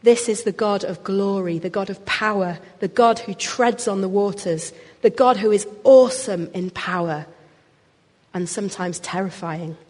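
A woman's voice: mid-range voice, normal speed, a little mellow. A woman preaching a sermon. She talks expressively and pushes harder on the key words. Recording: long hall reverb.

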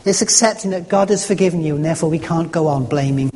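A man preaching a sermon, telling a story in an earnest, halting way with frequent restarts. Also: on the high side, a little mellow, slight background noise. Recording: echoey hall.

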